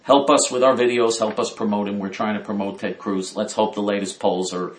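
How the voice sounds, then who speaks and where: A man's voice: lowish voice, fairly even intonation, brisk. Indignant man ranting in an echoey room. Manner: indignant, emphatic, repeats himself. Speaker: political commentator. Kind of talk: opinionated political commentary.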